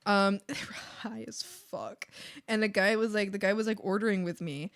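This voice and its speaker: A woman's voice: medium pitch, steady tone, moderate pace. A woman streamer chatting casually while she draws, bubbly and giggly, with lots of "like" fillers. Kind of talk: casual chat while drawing.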